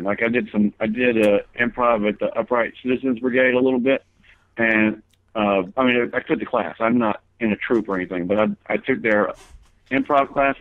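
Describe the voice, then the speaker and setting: A man talking as a guest comedian in a casual interview, telling long rambling stories with many fillers and restarts. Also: medium pitch. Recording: tinny phone line.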